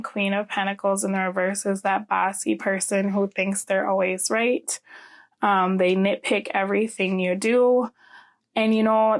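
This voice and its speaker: A woman giving a casual tarot reading, chatty, often ending her points with "okay?". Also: mid-range voice. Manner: chatty, frequent "um" and "okay?" tags. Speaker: tarot reader.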